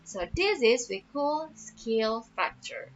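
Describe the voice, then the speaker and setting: Lively woman teaching a math lesson. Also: on the high side, slight background noise. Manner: patient, repeats each step slowly. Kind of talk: explaining a math lesson step by step. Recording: dull lo-fi audio with faint music.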